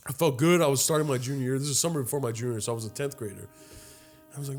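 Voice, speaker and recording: A podcast co-host in his late twenties tells a story in casual chat, talking very fast at medium pitch over soft background music. He's animated and profane, swearing freely and acting out other people's voices.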